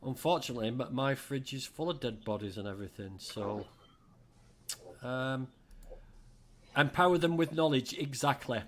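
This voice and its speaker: A man's voice: mid-range voice, expressive, normal speed, pauses often, slight background noise. A middle-aged man from England hosting a livestream, chatting casually and reading out viewer comments with jokey asides. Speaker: livestream host.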